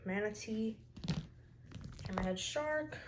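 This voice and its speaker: A woman's voice: medium pitch, animated, slow pace, background noise. A woman in a casual show-and-tell vlog, chatting as she lists her figures one by one with short comments. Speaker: toy collector showing her figures.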